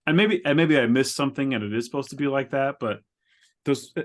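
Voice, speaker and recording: Stammering, rambling male podcast co-host. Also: a little fast. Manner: rambling, stammering, laughs often while describing. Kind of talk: casual chat. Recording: lower quality than usual.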